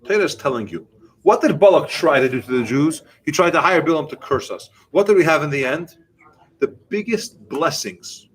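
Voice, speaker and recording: A rabbi giving a Torah class to a group, animated and explaining through questions and answers. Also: male voice, on the high side, rough recording.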